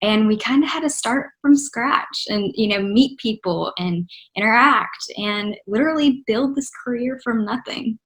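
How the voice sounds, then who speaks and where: A young woman from Texas answers interview questions with eager, upbeat energy, and a faint Texan accent still shows through. Her voice is bright and forward and sits a little above the usual pitch. She talks loosely, with plenty of "like" and "you know". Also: unhurried, hardly any pauses. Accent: Texan, mostly trained out. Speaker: interview guest, actress and singer.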